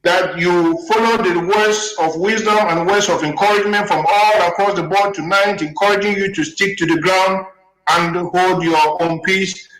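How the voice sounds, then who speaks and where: A man's voice: sits high, a bit bright. A man hosting a radio broadcast, speaking rhetorically and repetitively, with fillers. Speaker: radio host. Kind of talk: broadcast host commentary. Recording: echoey room sound.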